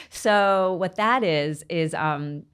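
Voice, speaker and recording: A middle-aged woman, a podcast guest, chatting casually and telling animated stories in which she acts out quoted voices. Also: on the low side, drawn-out words, clean tone. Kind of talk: casual interview chat.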